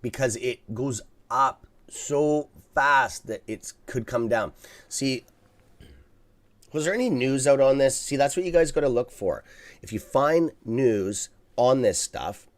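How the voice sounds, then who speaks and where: This livestream stock trading host speaks slowly in a mid-range, sing-song voice. He addresses viewers in a loose, blunt way, swears freely, and keeps asking "okay?" while rambling through false starts.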